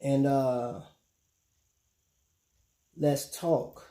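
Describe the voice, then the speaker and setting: A man with a medium-pitched, warm voice talks very slowly while hosting a casual live stream. He chats loosely with viewers in laid-back slang, dropping "man" and "bro" into most lines.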